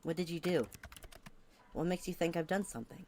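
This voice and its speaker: A woman's voice: lowish voice, brisk, darkish tone, slight background noise. A young adult woman streamer chatting casually over a game, teasing and playful.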